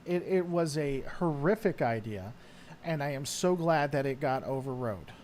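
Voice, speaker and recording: Man, host, casual chat, rambling, filler-heavy, slightly high voice. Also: animated, moderate pace, darkish tone, slight background noise. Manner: rambling, with frequent fillers and trailing thoughts. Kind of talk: casual chat answering viewer questions.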